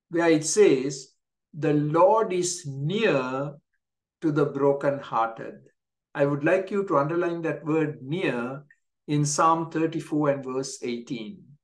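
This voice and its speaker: A male pastor giving a daily devotional sermon, speaking deliberately and repeating key phrases for emphasis. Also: fairly high pitch. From Canada.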